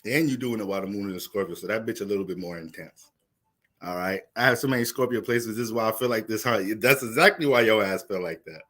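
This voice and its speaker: Young dude astrologer cussing nonstop on a livestream, lively, bright sharp voice. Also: male voice, lowish voice, quick pace. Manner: profane, animated, laughing. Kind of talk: casual livestream talk.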